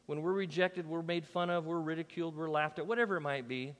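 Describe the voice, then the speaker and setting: A man preaching a sermon as pastor, emphatic and conversational, swinging between loud declarations and soft, quiet asides. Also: a little high, fast, long reverb tail. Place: church.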